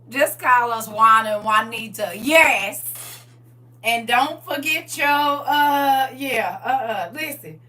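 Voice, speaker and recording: A woman hosting a livestream in casual chat, laughing often, repeating "listen," and moving into gentle spiritual advice. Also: a little high, slow pace. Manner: laughs often, repeats "listen" and "I'm trying to tell you". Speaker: livestream host. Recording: distant mic with faint hum.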